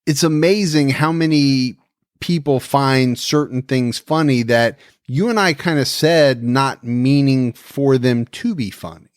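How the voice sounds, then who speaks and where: A man's voice: mid-range voice, a little slow, clean tone, no echo, studio quality. A man co-hosting a podcast, chatting in an easygoing way. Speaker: podcast co-host. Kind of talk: casual chat.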